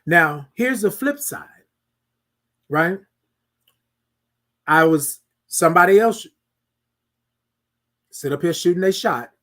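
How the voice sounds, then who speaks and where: Male podcast host, high voice, animated sermon-like chat with the audience. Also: takes it slowly, long pauses. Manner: animated, preachy, asks listeners "y'all feel me". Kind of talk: casual monologue.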